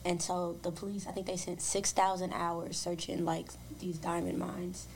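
A woman on a podcast retelling a true-crime case in a casual, animated way, slipping in voices for the people in the story. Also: lowish voice, normal speed, gravelly, slight background noise. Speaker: podcast co-host.

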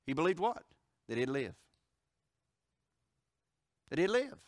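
Man, preacher, somewhat high voice, dry close recording. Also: very animated, takes it slowly, dry recording. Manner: impassioned preaching, swinging from loud emphatic declarations to hushed storytelling. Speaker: pastor. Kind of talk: sermon.

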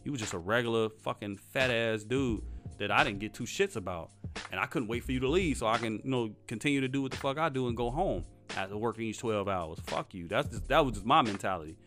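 A man's voice: medium pitch, fast, fairly bright tone, faint music behind. A young man telling a work story in a casual, blunt, profane rant, defiant about a boss. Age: young adult. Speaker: vlogger.

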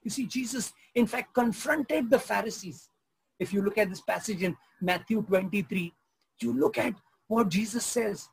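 A man's voice: high voice, normal speed, creaky, husky, low-quality recording. A man preaching a sermon as pastor, conversational, asking the audience questions and joking. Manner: conversational, asks the audience questions, tells jokes.

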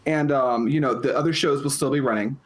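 A man's voice: medium pitch, a little fast. A man co-hosting a casual podcast, making dry joking asides. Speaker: podcast co-host.

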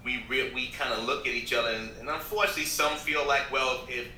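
Earnest man with a bright, echoey sound. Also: mid-range voice, fast. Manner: earnest, motivational, rambling with restarts. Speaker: podcast guest, radio host. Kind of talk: casual interview talk. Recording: roomy echo with faint background noise.

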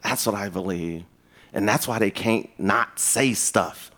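A man preaching a sermon in a lively, conversational way, mixing in humor. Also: fairly low pitch, unhurried. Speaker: pastor.

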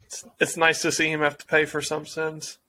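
A man's voice: fairly high pitch, monotone, normal speed, sharp tone. A man co-hosting a casual podcast, retelling scenes with lots of fillers and frequent laughter. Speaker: podcast co-host. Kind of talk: casual chat recapping a cartoon episode.

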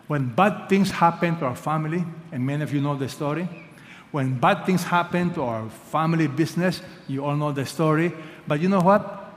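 At a moderate pace and with a slightly high male voice, this pastor preaches a sermon that echoes with the long reverb of a big hall. His delivery is emphatic, moving from loud calls to quiet lines while urging the congregation to answer back.

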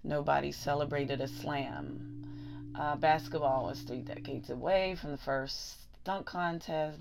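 A woman's voice: deep voice, measured pace, creaky, darkish tone, a little hiss or hum. A woman with a Pittsburgh accent, rambling and thinking aloud in a casual vlog, chuckling often. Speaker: vlogger. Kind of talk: casual talk to camera.

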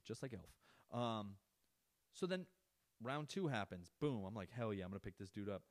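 A man's voice: fairly low pitch, expressive, fairly quick, a little mellow, no room sound. A young adult man hosting a podcast, telling a story in a casual, profane, ranting way. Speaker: podcast host.

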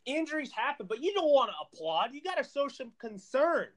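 High-voiced man lecturing emphatically. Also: big pitch swings, brisk. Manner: emphatic lecturing with loud bursts. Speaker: sports podcast co-host. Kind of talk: casual sports chat.

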